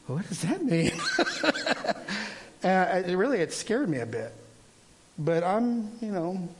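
An older man gives a casual sermon testimony, his voice sitting a touch higher than most men's. He talks in a rambling, halting way, restarting sentences and filling pauses as he tells his story. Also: a little mellow. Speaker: preacher sharing a testimony.

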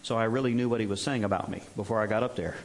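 A man's voice: lowish voice, very fast. A middle-aged man preaching a sermon in a plain conversational way, joking and sometimes mimicking others in exaggerated bursts. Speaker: pastor.

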